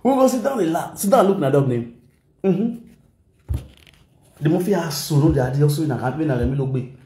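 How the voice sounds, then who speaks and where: Nigerian pidgin guy ranting on a gossip vlog, kinda high voice, roomy echo. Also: a little fast, slight background noise. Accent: Nigerian Pidgin English. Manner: animated, mixes Pidgin and Yoruba, shouts and mimics. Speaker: gossip vlogger. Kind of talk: excitable commentary vlog.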